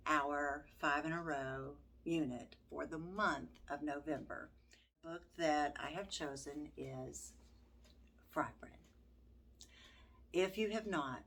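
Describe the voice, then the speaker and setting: An older woman talks slowly to her vlog viewers, taking her time. Her voice sits low. She sounds gentle and heartfelt, pausing often between phrases. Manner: gentle, heartfelt, halting with many pauses. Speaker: homeschooling grandmother vlogger. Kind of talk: casual vlog talk.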